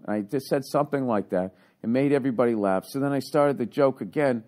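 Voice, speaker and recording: A man and stand-up comedian telling a story in casual chat, profane and animated. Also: mid-range voice, a little fast, hardly any pauses. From United States.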